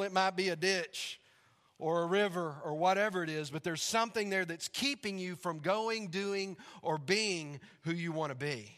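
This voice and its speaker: A male pastor delivers a sermon in a chatty, storytelling way, with a high-set and bright voice. His words ring out with long reverb across a church sanctuary. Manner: conversational storytelling, laughs along.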